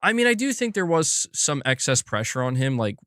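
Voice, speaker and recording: A man's voice: on the high side, very animated, fairly quick, fairly bright tone, no room sound, studio quality. A young man hosting a casual gaming livestream, rambling with many restarts and addressing the chat as dude and bro. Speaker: livestream host.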